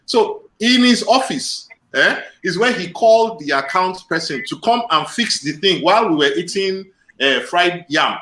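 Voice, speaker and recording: A man's voice: sits high, normal speed, echoey room. A man from Nigeria telling stories in casual chat, acting out the people he quotes. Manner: animated storyteller, acts out quoted voices.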